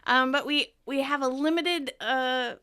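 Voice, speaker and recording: Bright, giggly woman podcast co-host. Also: sits high, measured pace. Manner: giggly, chatty. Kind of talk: casual chat.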